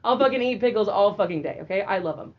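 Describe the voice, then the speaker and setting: A young woman co-hosting a podcast, telling a story in casual chat, animated and profane, laughing and acting out quotes. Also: medium pitch, quick pace. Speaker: podcast co-host. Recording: dull lo-fi audio.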